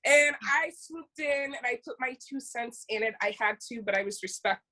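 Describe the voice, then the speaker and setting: A woman's voice: fairly high pitch, moderate pace. A young American woman co-hosting a podcast, telling stories in casual chat and acting out the quotes. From United States. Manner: animated storytelling, acting out quotes. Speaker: podcast co-host.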